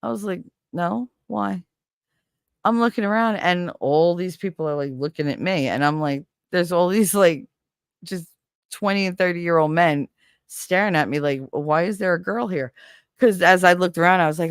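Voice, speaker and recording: Lower-voiced woman host chatting on stream, laughs a lot, dry close sound. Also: moderate pace, clean tone, no room sound. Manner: animated storytelling, laughs often. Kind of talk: casual chat.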